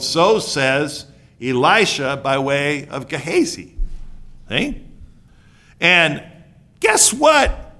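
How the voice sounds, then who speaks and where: A male preacher delivers a sermon with a bright, slightly high voice. He talks casually and jokes with the congregation. He moves between hushed asides and loud outbursts.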